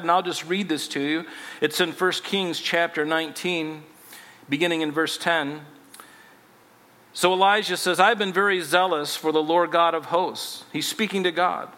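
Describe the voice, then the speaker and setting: A man's voice: fairly high pitch, bright, forceful tone, in a large hall. A man preaching a conversational sermon, reading scripture aloud and explaining it to his congregation. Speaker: pastor. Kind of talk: expository sermon.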